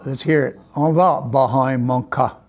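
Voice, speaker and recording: Gravelly man teaching a language class. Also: medium pitch, lo-fi sound. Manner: relaxed, repeats words slowly for students, chuckles.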